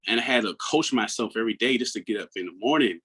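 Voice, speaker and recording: A man in his thirties from Maryland, a guest on an interview who speaks earnestly and reflectively, often dropping into a hushed tone. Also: fairly low pitch, expressive, fast, slightly rough, poor audio. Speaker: guest, mental health coach. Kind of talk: personal storytelling in an interview.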